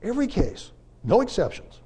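Animated man preaching on baptism. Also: sits high, moderate pace, slightly rough. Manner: animated, rhetorical questions, emphatic swings in loudness. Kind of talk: conversational Bible class teaching.

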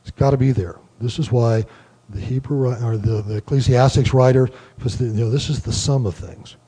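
A man giving a relaxed Bible study lecture, explaining word meanings and thinking aloud with many fillers. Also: medium pitch, fairly quick, husky. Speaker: Bible teacher.

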